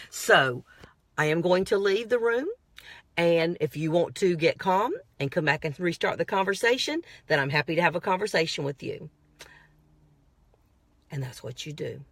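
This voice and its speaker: A woman's voice: lowish voice, expressive, normal speed, no echo. Lady vlogger coaching folks on boundaries, repeats herself for emphasis, dry close sound. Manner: earnest, prayerful sign-off. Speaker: self-help vlogger. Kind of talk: motivational advice talk.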